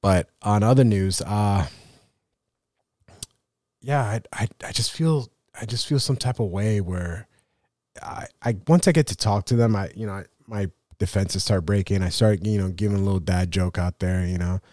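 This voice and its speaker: A man's voice: on the low side, normal speed, darkish tone, no room sound, clean studio sound. A man hosting his own photography podcast, talking in a rambling, self-deprecating way with many fillers and restarts. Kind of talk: casual solo podcast monologue.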